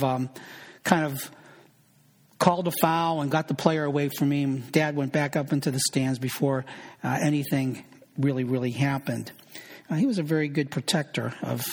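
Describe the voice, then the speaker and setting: A man preaching with earnest emphasis, leaning on single words one at a time. His voice sits a little high for a man. The sound carries a long hall reverb. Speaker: pastor. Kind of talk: sermon.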